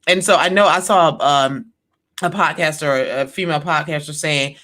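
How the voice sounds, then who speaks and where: Bright-voiced woman chatting emphatically. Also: sits low, normal speed. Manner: animated, emphatic, acts out quoted voices. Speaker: podcast co-host. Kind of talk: casual chat.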